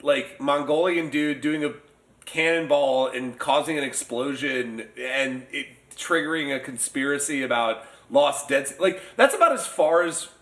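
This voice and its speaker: A man's voice: mid-range voice, measured pace, fairly bright tone. Hesitant man in an echoey room. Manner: hesitant, stammering restarts. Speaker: podcast host. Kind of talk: casual book discussion. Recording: roomy echo.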